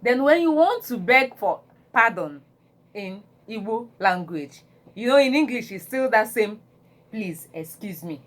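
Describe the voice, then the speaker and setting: A woman teaching phrases, repeating each one in English and Igbo, animated when acting them out. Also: fairly high pitch, measured pace. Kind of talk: slow phrase-by-phrase language lesson.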